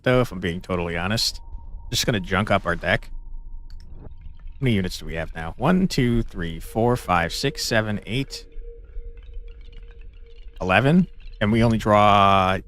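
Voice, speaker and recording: A man commenting on a game he is playing, talking in a joking, sarcastic, animated way. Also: on the low side, a little slow, long pauses, faint music behind. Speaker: gaming channel host. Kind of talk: let's play commentary.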